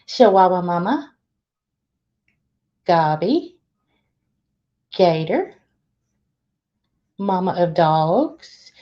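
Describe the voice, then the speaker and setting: A woman's voice: mid-range voice, expressive, slow, long pauses. A woman hosting a casual live stream, greeting viewers one by one and laughing often. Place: laundry room. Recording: dull lo-fi stream audio.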